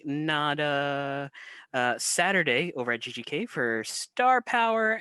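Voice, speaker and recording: Brief: male tabletop player, easygoing and jokey, bright voice. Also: fairly high pitch, no echo. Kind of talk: casual sign-off chat.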